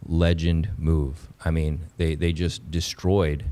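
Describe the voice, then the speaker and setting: A man with a very low voice hosts a casual livestream. He talks straight to his viewers with an excitable, repetitive way of speaking. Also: slow, very noisy. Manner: excitable, repeats phrases, talks to chat as "pups". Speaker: livestream host. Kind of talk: casual crypto livestream chat.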